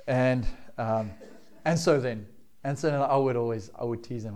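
A man's voice: mid-range voice, normal speed, darkish tone. A middle-aged man, a pastor, preaching a sermon in a conversational way and often checking in with his listeners.

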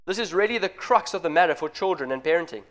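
Earnest man preaching, slightly high voice. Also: expressive, fast talker, a bit bright. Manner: earnest, direct address to parents. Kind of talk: sermon.

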